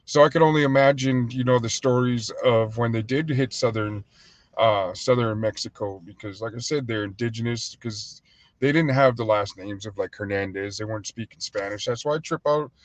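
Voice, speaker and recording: An American man hosts a casual livestream; he also owns a restaurant. He talks in a loose, rambling, heated way packed with fillers, his voice mid-range and his pace moderate, with no room sound.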